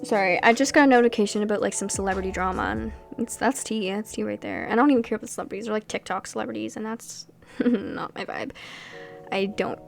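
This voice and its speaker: A young woman chatting casually over her gameplay, rambling from one thought to the next with animated asides. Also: medium pitch, quick pace, creaky, soft background music. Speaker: Sims gameplay creator.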